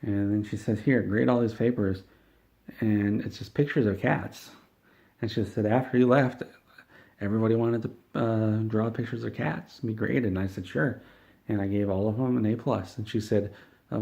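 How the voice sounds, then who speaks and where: A man telling a rambling, deadpan comedic story, meandering and halting with frequent restarts. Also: lowish voice, creaky, dull audio.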